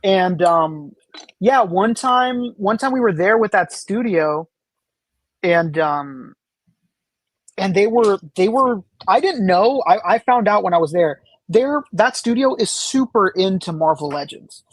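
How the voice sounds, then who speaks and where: A man's voice: high-pitched, animated, measured pace, no echo. A man chatting as a podcast guest, rambling through stories with many fillers and restarts. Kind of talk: casual chat.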